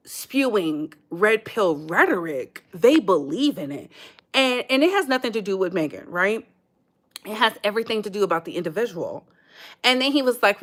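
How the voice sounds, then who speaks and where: A woman's voice: medium pitch, a bit bright. An American woman hosting a casual commentary channel, talking in a sassy, emphatic way and calling her listeners "baby.".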